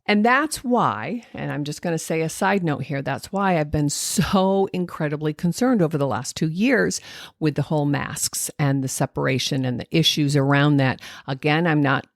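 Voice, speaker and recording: A woman's voice: sits low, normal speed, no room sound, studio quality. A woman hosting an educational podcast, explaining speech and language development and sounding out examples. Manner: explanatory, demonstrates sounds and intonation aloud, many fillers. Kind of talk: solo educational podcast talk.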